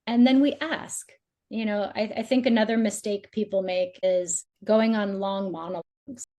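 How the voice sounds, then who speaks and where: A woman's voice: medium pitch, normal speed, warm tone. A woman who coaches on dating and relationships, giving casual, chatty advice as a podcast guest, with many "like"s and acted-out quotes of other people. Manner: chatty, says "like" often, acts out quoted voices.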